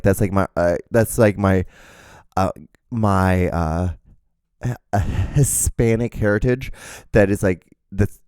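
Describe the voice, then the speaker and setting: Profane rambling man with a low, dark voice. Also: dry recording. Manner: profane, rambling, mock-outraged. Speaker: podcast host. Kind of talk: rambling solo podcast monologue.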